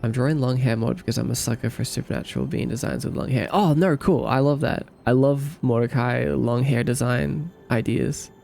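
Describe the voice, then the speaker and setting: A man's voice: mid-range voice, fairly even intonation, fairly quick, creaky, hardly any pauses, darkish tone, slight background noise. A young man with an Australian accent hosting a casual livestream, reading viewer comments aloud and answering them in a playful, easygoing way. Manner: playful and easygoing, answers chat with light joking.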